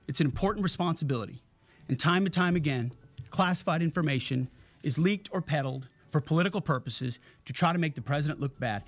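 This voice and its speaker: A man giving a formal press statement in a briefing room, firm, scolding and emphatic. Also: a little high.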